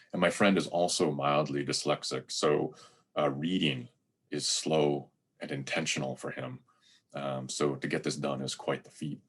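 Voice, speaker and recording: Brief: man, very low voice, husky tone, measured and reflective sermon delivery. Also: fairly bright tone. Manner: measured, reflective, reads verse slowly and deliberately. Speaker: lay preacher giving a sermon. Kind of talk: sermon with poetry reading.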